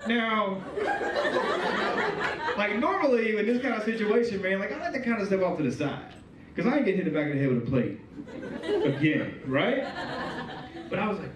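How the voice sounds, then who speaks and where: A man's voice: sits high, moderate pace. A man doing a stand-up comedy set, telling stories and acting out the other voices. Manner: animated storytelling with acted-out voices. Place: comedy club stage. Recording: echoey room, distant mic, audience noise.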